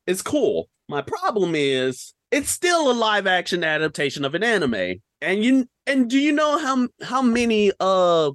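A young man rants about films on a podcast, firing off rhetorical questions in casual slang. His pitch swoops up and down with a lot of life, and the close mic sounds dry with no room echo. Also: measured pace, few pauses. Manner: animated, ranting, rhetorical questions, slang-heavy. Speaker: podcast co-host. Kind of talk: casual film-review rant.

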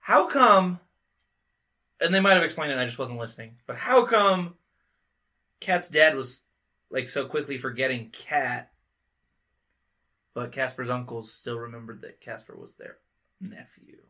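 Animated, bright-voiced podcast man. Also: medium pitch, a little slow, pauses often. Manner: animated, jokey, swears, swings loud and quiet. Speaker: podcast co-host. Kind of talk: casual movie discussion.

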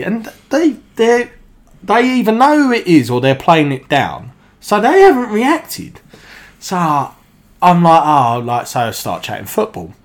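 A man, a podcast guest, telling anecdotes in casual chat, animated, swearing freely and laughing as he goes. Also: a little high.

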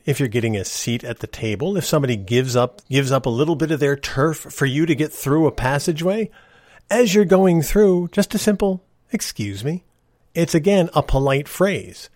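Middle-aged male podcast host, lively earnest ranter, dry close sound. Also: medium pitch, no echo. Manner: ranting, earnest, animated. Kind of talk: casual monologue.

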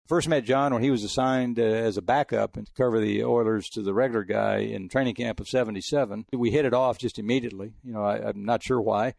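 A man's voice: lowish voice, steady tone, fast talker, vocal fry, few pauses, darkish tone, dry recording, studio quality. An older man from El Paso, a veteran sportswriter, telling rambling stories in a chatty way with frequent restarts. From El Paso, Texas. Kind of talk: casual storytelling interview.

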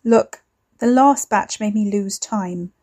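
A woman's voice: medium pitch, slow pace, darkish tone. A woman voicing a reckless, cocky young man, defiant and slangy. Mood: pleading.

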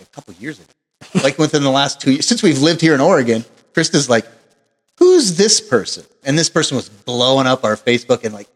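A man tells rambling, profane stories as one of the hosts of a casual podcast, his voice sitting at an ordinary pitch. The sound has a long, hall-like reverb trailing behind it. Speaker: podcast co-host. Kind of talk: casual chat. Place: Oregon.

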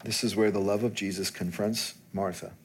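A man preaching a sermon, dropping to quiet and then rising to emphatic peaks. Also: on the low side, steady tone, moderate pace, slight background noise. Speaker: pastor.

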